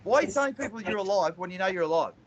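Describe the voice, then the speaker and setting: A man's voice: high voice, animated, very fast, no room sound. A man speaking as a guest, telling courtroom stories with emphasis, repeating phrases and acting out the exchanges. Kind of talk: animated storytelling talk. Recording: dull lo-fi recording.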